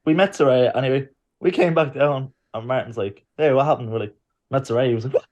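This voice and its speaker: The recording is muffled, and this man talks fast at a medium pitch. He's a podcast co-host spinning a story in casual conversation, animatedly voicing the people involved.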